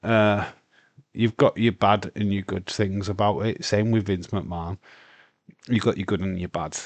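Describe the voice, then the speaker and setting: Hosting a live watch-along stream, a British man from the UK talks casually and bluntly, rambling with plenty of fillers and the odd swear word. His fairly low voice keeps a steady tone at a measured pace, with no echo.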